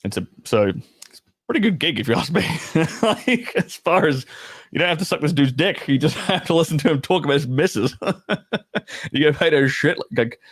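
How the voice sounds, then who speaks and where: A man's voice: on the high side, lively intonation, brisk, no echo. A man from Australia with an Australian accent, hosting a casual storytime chat. He talks bluntly, swears freely and drops laughing asides. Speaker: storytelling host.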